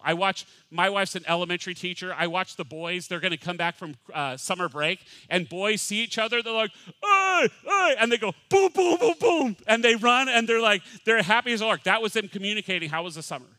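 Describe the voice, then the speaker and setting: A middle-aged male pastor preaches with a bright, forceful edge to his voice. He is animated, jumping into playful voices and then sinking to a quiet hush. The sound is dry and close, with little room echo. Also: high voice, brisk, few pauses. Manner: animated, acts out voices, swings from loud to hushed. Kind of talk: sermon.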